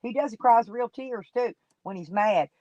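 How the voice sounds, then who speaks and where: A woman's voice: fairly high pitch, normal speed, dry recording, muffled recording. A woman streaming live, chatting casually with her viewers and gossiping about people in her chat in folksy, colloquial talk.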